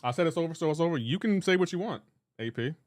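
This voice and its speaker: Young male gamer-streamer, slightly high voice, playful trash-talking banter. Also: animated, fast talker. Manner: teasing, banter-heavy, breaks into laughter. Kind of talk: casual live-stream chat, reading chat aloud.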